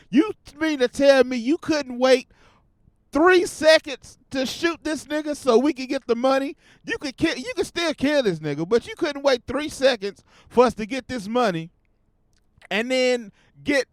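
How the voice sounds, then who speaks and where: A man hosting his own podcast, giving casual commentary in a profane, animated rant. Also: very high voice, no echo, clean studio sound. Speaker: podcast host.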